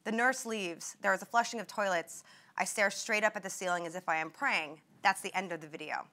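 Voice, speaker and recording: A woman's voice: medium pitch, fairly quick, sharp tone. A woman in her twenties giving a talk, reading passages from her memoir aloud and acting out the quoted outbursts with rising intensity. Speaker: invited speaker at a medical grand rounds.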